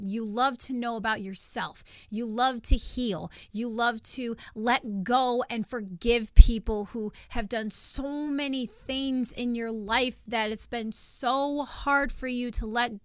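A woman's voice: fairly high pitch, no room sound. A woman co-hosting a Christian podcast, speaking in an emphatic, preachy way and often repeating words as she starts sentences. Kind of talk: faith-based conversational teaching.

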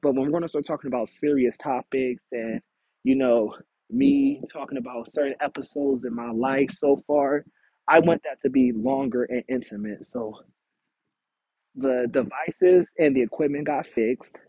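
Gravelly, husky man hosting a podcast. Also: mid-range voice, sing-song, no room sound, phone-quality sound. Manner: unhurried, rambling with fillers. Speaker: podcast host. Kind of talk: casual solo podcast update. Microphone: phone or small home setup.

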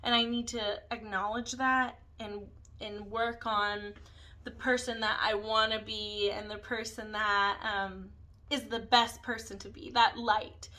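A woman's voice: a little high, flat delivery, a little slow, sharp tone, rough recording. A woman in her thirties hosting a podcast, talking candidly and a little ramblingly about her own life. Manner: candid, rambling, self-reflective. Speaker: podcast host. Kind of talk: casual personal monologue.

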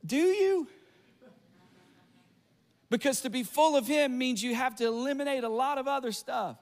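A pastor preaching with a strikingly high voice for a man. He is middle-aged and tells his stories with quick asides and animated energy. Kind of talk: sermon.

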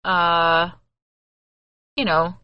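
A woman's voice: lowish voice, flat delivery, extremely slow, clear, resonant tone, dry recording, dull audio. A young woman co-hosting a podcast in casual chat, chatty, with many fillers and frequent laughter. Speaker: podcast co-host.

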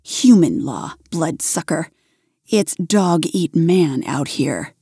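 Woman playing a growling young werewolf man, blunt and cocky, slow delivery, mellow tone, audio story. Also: sits low, animated, husky, dry recording, studio quality, pitched below the performer's own voice, full character voice. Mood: gruff. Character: gruff young male werewolf, cocky newcomer.

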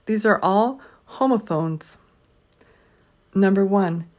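A woman teacher reading out a spelling word list, saying each word twice in a slow, deliberate way. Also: medium pitch, darkish tone.

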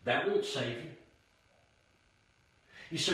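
A man preaching an evangelistic sermon, with emphatic, dramatic pauses. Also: a little high, big pitch swings, sharp tone. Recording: very echoey room, voice far from mic.

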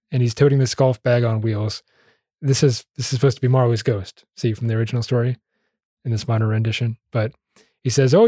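A man with a dark, mellow voice walks through a story in a relaxed, wry recap. His tone stays offhand and easygoing. The recording is close and dry, with no room sound. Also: mid-range voice, no echo. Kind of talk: casual plot recap.

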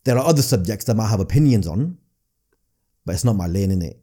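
A man with a Northern English accent, a comedian guest chatting casually on a podcast, talking quickly and restarting phrases with repeated words. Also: lowish voice, expressive, mellow. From Northern England.

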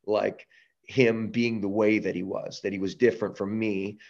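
A man from Canada, a guest on an interview podcast, telling a story with restarts and lively acted-out quotes. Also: fairly low pitch, moderate pace, gravelly, dull audio. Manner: animated storyteller, many restarts, acts out quotes. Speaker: podcast guest, breath-work company founder.

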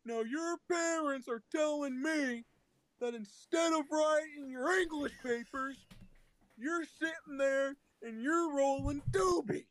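A young man putting on a blustering middle-aged male motivational speaker who lectures slowly and loudly. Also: no echo, exaggerated voice, low-quality recording. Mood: lecturing. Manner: booming, drawn-out, lecturing delivery.

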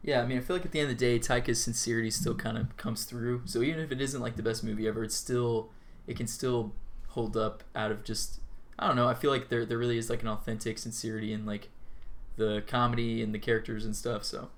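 A man's voice: mid-range voice, level tone, fast talker. A man co-hosting a podcast in casual chat, rambling and laughing often. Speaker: podcast co-host.

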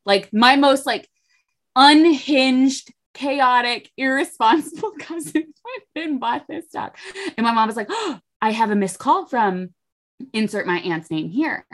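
This is a young woman co-hosting a chatty podcast. She tells family gossip in a lively storytelling way and voices each quoted person as she goes. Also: sits high, unhurried. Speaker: podcast co-host. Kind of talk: casual chat.

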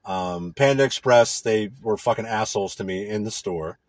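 A man's voice: lowish voice, normal speed, no room sound. A man in a casual, profane, indignant rant. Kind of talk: casual ranting monologue.

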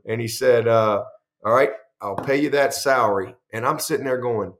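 A middle-aged man who is a head football coach tells long stories with animation in a conversational interview, acting out quoted dialogue and starting sentences over. His mid-range voice moves at a normal speed.

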